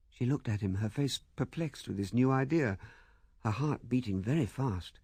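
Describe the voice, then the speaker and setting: A man narrating a classic novel in a measured, expressive storytelling manner. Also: medium pitch, slightly rough, no room sound, studio quality. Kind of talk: scripted audiobook narration.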